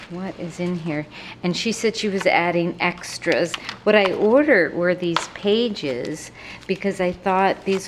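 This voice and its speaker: A woman vlogger opening craft mail on camera, gushing over each item and thanking senders by name in casual chat. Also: on the low side. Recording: faint background noise.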